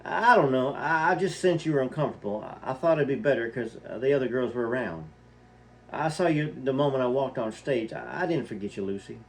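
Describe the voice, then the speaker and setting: A man's voice: medium pitch, a little fast, natural voice. A man reading the lines of a shy, earnest eighteen-year-old singer, stammering and restarting as he speaks.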